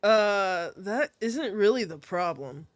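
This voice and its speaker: A woman's voice: lively intonation, slow pace, dry recording. A woman doing a flustered young male soldier. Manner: flustered, lowered voice.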